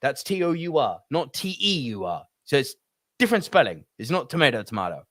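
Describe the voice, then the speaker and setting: A man's voice: a little high, big pitch swings, brisk, fairly bright tone, no room sound, clean studio sound. A man in his thirties co-hosting a podcast, talking about films in an emphatic, swearing, ranting way. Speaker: podcast co-host. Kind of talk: casual film discussion.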